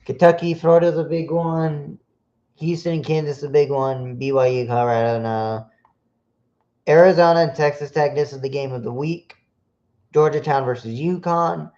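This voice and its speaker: A man's voice: a little high, normal speed, a little mellow. A man hosting a solo sports podcast stream, reading off team matchups with frequent fillers and restarts. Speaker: podcast host. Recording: dull lo-fi sound.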